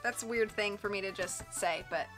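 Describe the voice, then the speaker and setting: Casual, chatty woman reading on a live stream, bright and higher-voiced, faint music behind. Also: brisk. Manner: chatty, giggly, casual with viewers. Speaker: audiobook reader and live streamer. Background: faint background music.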